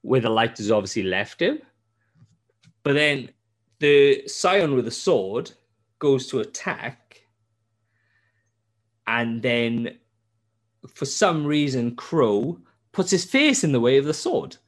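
Animated swearing man retelling a game story. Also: mid-range voice, takes it slowly, pauses often. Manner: animated storytelling, heavy swearing, many restarts. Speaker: podcast host. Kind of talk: casual gaming chat.

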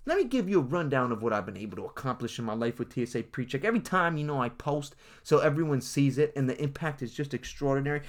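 A young man delivering a swaggering, mock-serious comedic monologue, talking straight to his audience. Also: mid-range voice. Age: young adult. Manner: hyped, swaggering, addresses the audience directly. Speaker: comedic speaker.

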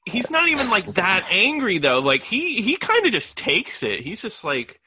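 A man co-hosting a podcast, reacting to a film in an enthusiastic, animated way during casual chat. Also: sits high, normal speed. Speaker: podcast co-host. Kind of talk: casual movie review chat.

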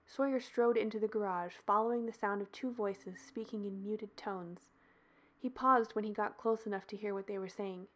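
Woman, host, author, story reading, steady narration. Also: mid-range voice, normal speed.

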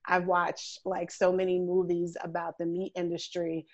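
A woman host chatting casually, telling a story with lively, acted-out quotes. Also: on the low side, normal speed, highs cut off, slight background noise. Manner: animated storyteller who acts out quoted voices.

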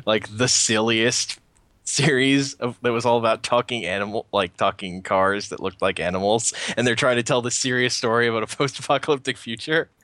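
A man's voice: medium pitch, fairly even intonation, fairly quick, sharp tone, no echo. A man co-hosting a podcast, chatting casually and rambling with frequent restarts. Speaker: podcast co-host. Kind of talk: casual chat.

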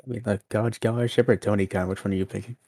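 A man co-hosting a wrestling podcast, quick and sarcastic in casual chat. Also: lowish voice, steady tone, creaky, mellow, dry recording, clean studio sound. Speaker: podcast co-host.

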